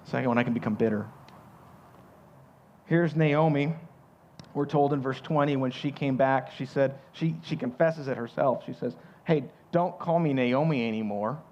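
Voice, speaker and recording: A man's voice: mid-range voice, normal speed, pauses often, a little mellow. Southern guy preaching, talky, kinda muffled recording. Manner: conversational preaching, repeats words when restarting. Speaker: pastor. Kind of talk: sermon.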